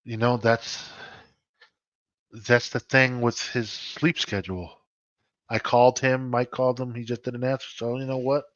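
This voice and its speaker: A man's voice: medium pitch, steady tone, measured pace, fairly bright tone, no echo. Joking man on muffled call audio. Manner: joking, teasing, easy laugh. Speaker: co-host. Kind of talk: casual live-stream chat.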